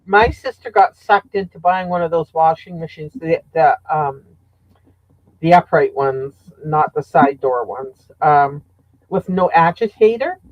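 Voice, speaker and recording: A woman's voice: deep voice, measured pace, no room sound, dull audio. A woman guest in a casual chat who rambles and hunts for her words.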